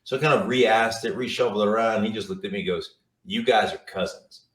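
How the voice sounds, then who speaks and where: Low-voiced man telling football stories. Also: fast, fairly bright tone. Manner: rambling, repeats words, lots of fillers. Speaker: TV football analyst, guest. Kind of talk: casual storytelling interview. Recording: roomy, distant mic.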